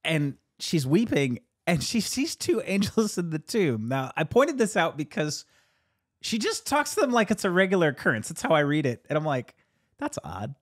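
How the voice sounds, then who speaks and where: In an easygoing chat about his sermon, a pastor spins it as an animated story, laughing often and rising in pitch each time he voices a quote. Pace is normal, with no echo and studio-grade audio.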